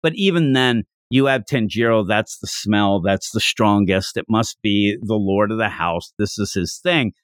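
A man's voice: fairly low pitch, moderate pace, hardly any pauses, dry recording, clean studio sound. A man hosting a podcast, chatting casually as he recaps a manga chapter and laughs while acting out the characters' lines. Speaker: podcast host.

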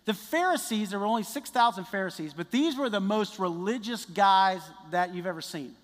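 Male pastor, high voice, lively conversational sermon, long hall reverb. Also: moderate pace. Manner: conversational, animated preaching with restarts.

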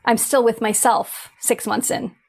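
A woman's voice: on the high side, level tone, a little slow, a little mellow. A woman talking earnestly and reflectively about inner life in a conversation, thinking aloud with frequent restarts. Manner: earnest, searching, with many restarts.

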